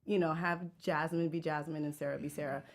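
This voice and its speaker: A woman actress chatting in an interview, lively and animated. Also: deep voice, brisk. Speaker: actress guest. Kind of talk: casual interview chat.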